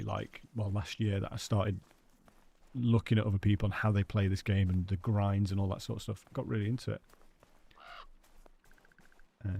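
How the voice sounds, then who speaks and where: Gravelly-voiced British man streaming a game. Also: fairly low pitch, dark tone. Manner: chatty, thanks and greets viewers by name. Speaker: live streamer. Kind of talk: live gameplay commentary chatting with viewers.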